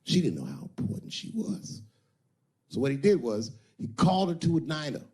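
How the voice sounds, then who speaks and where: A male stand-up comedian telling a crude story in a punchy way to a live room. His pitch swings widely from phrase to phrase, and he drops low for emphasis. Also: wildly swooping pitch, moderate pace, a little mellow.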